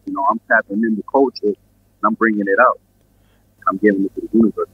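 Husky New York man, laid-back rambling. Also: fairly low pitch, fairly even intonation, fast talker, dry recording, phone-quality sound. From Queens and Brooklyn, New York. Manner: laid-back, rambling, filler-heavy talk. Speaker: guest musician. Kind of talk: casual interview chat.

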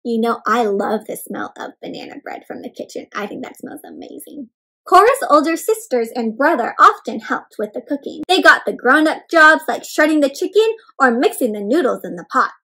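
A young adult woman doing an interactive read-aloud for kids, animated, gasping and asking the children questions. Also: high-pitched, normal speed, breathy edge. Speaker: children's storyteller.

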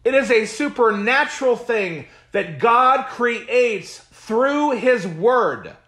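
A man's voice: very high-pitched, expressive, slow pace, a bit bright. A man teaching a Bible study as pastor, preaching emphatically in a repetitive cadence and reading scripture aloud with comments.

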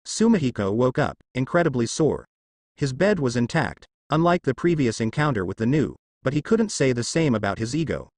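A man narrating a fan fiction story in a lively storytelling way. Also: fairly quick, dry recording. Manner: lively storytelling, varies pitch for dialogue.

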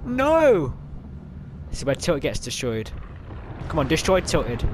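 A young man giving excitable live commentary over his gameplay, yelling at other players and grumbling when things go wrong. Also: fairly high pitch, slow, background noise. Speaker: gamer. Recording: game sounds loud behind voice.

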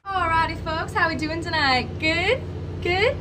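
A woman's voice: very high voice, unhurried, noisy background. A woman playing a brassy, protective diner waitress in a comedy skit who calls her customers baby. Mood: chummy.

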